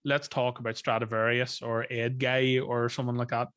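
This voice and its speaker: A man in a casual chat as co-host, making quick jokes and swearing freely. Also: medium pitch, little pitch movement, a bit bright, clear, resonant tone, no echo, clean studio sound. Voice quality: joking, fast quips, casual swearing. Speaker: co-host, metal musician.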